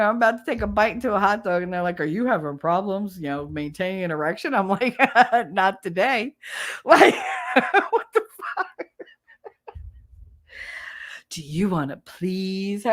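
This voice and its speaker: A woman's voice: medium pitch, animated, measured pace. A middle-aged woman with a New Jersey accent, chatting casually on a livestream, laughing often and swearing freely. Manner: loud, laughing, profane storytelling. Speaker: livestream host.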